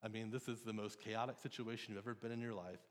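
A man's voice: lowish voice, fairly even intonation, quick pace. A man in his thirties, a pastor giving a conversational, earnest sermon in church. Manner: conversational, earnest, with frequent restarts and ums. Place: church sanctuary. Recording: long reverb of a church hall.

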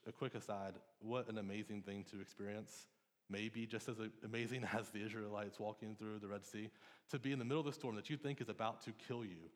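Earnest man preaching in a reverberant hall. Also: on the low side. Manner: conversational, earnest, with frequent restarts and ums. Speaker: pastor. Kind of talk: sermon. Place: church sanctuary. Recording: long reverb of a church hall.

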